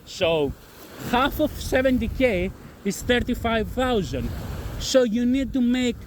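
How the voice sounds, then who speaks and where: A man's voice: very high voice, animated, slow. A man with a non-native accent talking bluntly about trading risk, repeating himself and swearing, with faint wind noise behind. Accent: non-native English. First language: not English. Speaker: trading channel host. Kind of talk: casual talk to camera-less audience.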